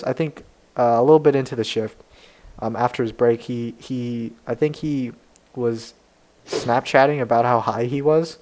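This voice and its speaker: A man's voice: mid-range voice, slight background noise, low-quality recording. A young man, a podcast co-host, telling a rambling story in casual chat and laughing often. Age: young adult.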